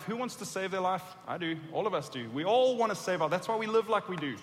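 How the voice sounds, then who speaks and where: A man with a high voice preaches a sermon, reading scripture aloud and acting out what the characters say. His voice rings with a long reverb in a church sanctuary. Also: animated, fairly quick, a bit bright. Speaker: pastor.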